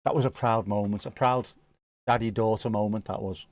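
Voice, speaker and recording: A man's voice: lowish voice, steady tone, brisk, no echo. A man chatting casually and swearing as he comments on a football match on a live stream from home. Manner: chatty, sweary, laid-back. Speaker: streamer hosting a football watchalong.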